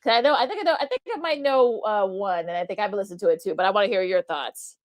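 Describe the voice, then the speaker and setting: A woman's voice: mid-range voice, expressive, quick pace. A woman hosting a sports talk show, rambling through her questions with many repeated "you know"s.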